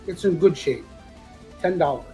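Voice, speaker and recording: Faint guitar music sits behind an animated auction seller whose fairly high, warm voice moves at a moderate pace as he jokes his way through comic books and their prices. A sinus infection leaves him congested, and he clears his throat repeatedly. The recording is low quality.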